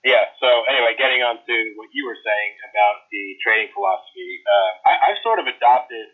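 A low-voiced American man talks as an interview guest, easygoing and repeating words as he goes. He sounds like he's on a tinny phone line. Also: fairly quick. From United States. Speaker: strength coach guest. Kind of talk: casual interview.

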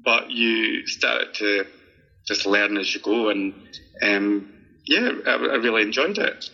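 Bright-voiced Scottish man in his 30s. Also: lowish voice, slow pace, lo-fi sound. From Scotland. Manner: friendly, laughs often, many ums. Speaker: podcast guest. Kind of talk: casual interview chat.

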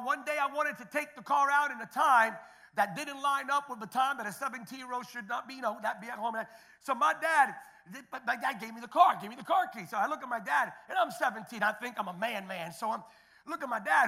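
High, bright-voiced preacher man. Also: brisk. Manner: swings from quiet storytelling to loud shouted preaching; repeats words and restarts, conversational asides. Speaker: pastor. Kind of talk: sermon.

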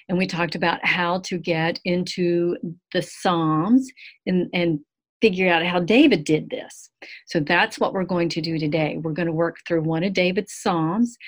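Woman teacher leading a recorded Bible study, earnest and lively, a bit low in pitch. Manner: earnest, animated, acts out quotes. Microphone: screen-share video call.

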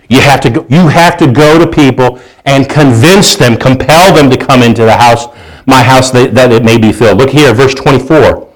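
Male pastor, sermon delivery, swings between a lofty scripture-reading voice and a low, plain-spoken aside. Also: rough recording. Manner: reads scripture aloud in a raised, slowed voice, then drops to a low conversational aside; repeats and restarts words while preaching.

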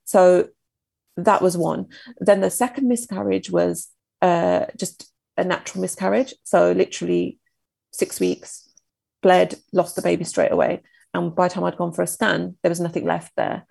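A woman in her thirties, a podcast guest, recounting a painful personal story in a halting, emotional, reflective way. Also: fairly low pitch, fairly even intonation, gravelly, darkish tone, breathy edge, no room sound.

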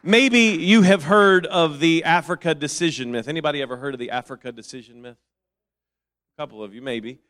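A man preaching a sermon, reading and quoting scripture and repeating phrases, moving from quiet reasoning to loud, fervent calls. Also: a little high, fairly quick.

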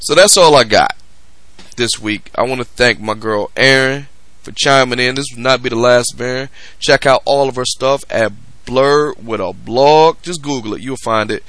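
Bright-voiced man ranting on a podcast. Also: mid-range voice, normal speed, dry recording. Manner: profane, emphatic ranting. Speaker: podcast host. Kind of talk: casual commentary rant.

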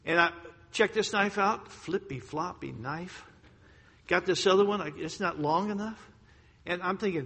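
Male preacher, bright and forceful tone, a bit husky, dramatic sermon delivery with big swings in loudness. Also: high-pitched, normal speed. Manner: emphatic storytelling, swings between loud outbursts and hushed lines. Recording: long hall reverb.

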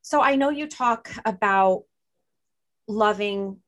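A woman's voice: medium pitch, takes it slowly, fairly bright tone. A woman with a New Jersey accent hosting a podcast, chatting casually with plenty of "like" and "you know". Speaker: podcast host. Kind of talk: casual chat.

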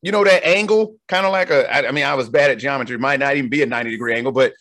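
A man co-hosting a podcast, telling stories in an animated, slangy, casual way. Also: medium pitch, rapid-fire. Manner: animated storytelling with slangy asides. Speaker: podcast co-host.

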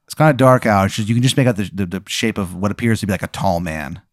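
A man's voice: on the low side, quick pace, no room sound. Dry-voiced man narrating a comedy adventure. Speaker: game master.

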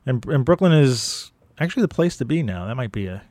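A man's voice: medium pitch, sing-song, a little fast, a little mellow, dry recording. A man from Manhattan, co-hosting a casual podcast in a jokey, easygoing way. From Manhattan, New York. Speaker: podcast co-host.

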